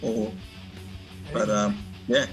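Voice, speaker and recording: A man co-hosting a casual podcast from far away, talking haltingly with many fillers. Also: fairly low pitch, level tone, soft background music. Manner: halting, many ums and uhs. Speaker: co-host. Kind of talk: casual chat.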